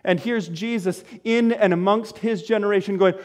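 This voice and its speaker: A man preaching a sermon to his congregation, firing off rhetorical questions and swinging between loud exclamations and quiet, low asides. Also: steady tone, moderate pace, hardly any pauses, in a large hall. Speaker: pastor.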